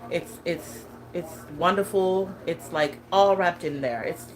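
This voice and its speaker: A woman's voice: lowish voice, slow pace, poor audio. A woman in her thirties chatting casually as a lifestyle vlogger, laughing often and talking with many fillers and restarts. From California. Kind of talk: casual chat.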